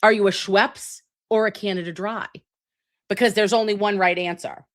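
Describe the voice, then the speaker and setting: A woman's voice: mid-range voice, steady tone, normal speed. A woman hosting a casual livestream chat, brassy, profane and dramatic while recovering from a sinus and ear infection. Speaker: livestream host.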